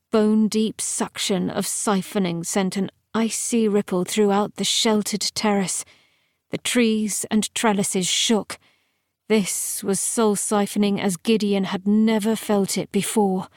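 A woman narrates a fantasy audiobook in a measured, even storytelling voice. She reads at an unhurried, deliberate pace. The recording is close-miked and dry, with no room sound. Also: mid-range voice, dry recording.

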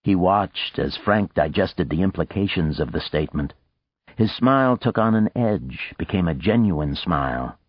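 A man narrating an audiobook in a measured, expressive way, in a dry, dull lo-fi recording. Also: low voice, slightly rough, dry recording.

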